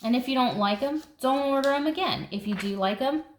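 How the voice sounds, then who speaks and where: This woman's voice sits high and sounds animated, moving at a fairly quick clip. For her gardening vlog she leafs through a seed catalog, chatting enthusiastically and thinking aloud, while the echoey room adds faint noise.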